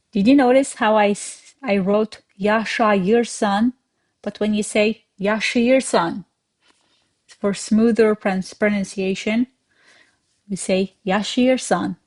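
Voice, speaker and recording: Woman, language teacher, slow and patient, middle pitch. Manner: slow, careful explanations with repeated examples. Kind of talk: word-of-the-day language lesson.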